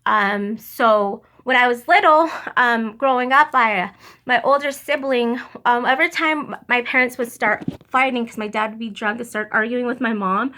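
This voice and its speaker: Brief: young woman, bright higher voice, earnest and halting, emotional testimony. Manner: halting and earnest, many restarts and fillers. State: emotional, near tears. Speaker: vlogger sharing religious testimony.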